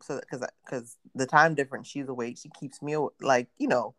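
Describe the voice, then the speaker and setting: A woman's voice: very deep voice, fairly quick, no echo. A woman in her thirties chatting casually as a podcast co-host, telling stories and acting out quotes. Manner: animated storyteller acting out quotes. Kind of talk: casual chat.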